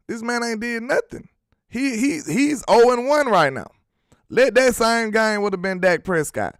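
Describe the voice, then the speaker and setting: Very high-pitched and expressive, this man hosts a laid-back sports talk livestream at a normal pace. Worked up about his team, he reads out viewer comments and riffs on them with emphatic slang. The audio is dry and studio quality.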